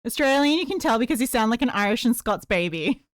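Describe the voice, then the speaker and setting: A woman's voice: fairly high pitch, animated, quick pace, no echo, studio quality. A woman chatting casually on a live stream while she crochets, playful and reading chat aloud.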